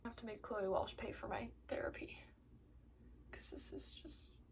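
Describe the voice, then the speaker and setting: A woman vlogging casually about a book she is reading, upset and near tears, dropping to soft whispers and then rising to exasperated outbursts. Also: mid-range voice, level tone, moderate pace. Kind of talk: reading vlog, casual talk to camera.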